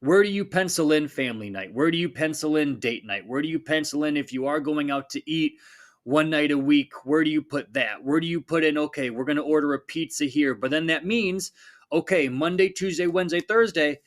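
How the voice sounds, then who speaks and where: A man's voice: on the high side, a little fast. A man in his thirties hosting a fitness podcast, talking casually and with energy, and repeating phrases for emphasis. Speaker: podcast host, fitness coach. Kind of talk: casual motivational talk.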